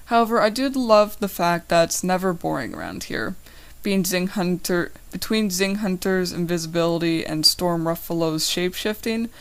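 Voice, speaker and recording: A young woman reading the first chapter of her own novel aloud, narrating in first person and lifting her voice slightly for the dialogue. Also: on the low side. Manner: reads all characters in her own voice, small lifts for dialogue.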